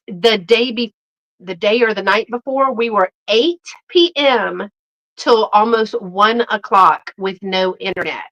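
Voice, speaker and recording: A woman's voice: a little high, pushed and bright, poor audio. A woman hosting a casual live stream, rambling in a chatty way and greeting viewers by name. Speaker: host.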